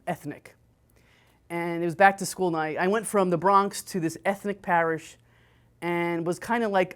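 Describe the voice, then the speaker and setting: A religious sister in her fifties with a fairly low speaking voice hosts her own podcast. She tells stories in a relaxed, chatty way and restarts words as she thinks aloud. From United States. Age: 50s. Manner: storytelling, conversational, with restarts and animated quoting. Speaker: Catholic sister and evangelist, podcast host. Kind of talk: casual spoken reflection.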